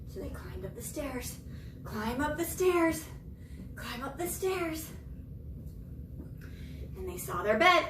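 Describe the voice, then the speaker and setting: A young woman teaching preschool yoga through a story, expressive and sing-song, with gasps and whispers, recorded roomy and from far off. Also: sits high, takes it slowly, pauses often, noisy background. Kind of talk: storytelling yoga lesson for children.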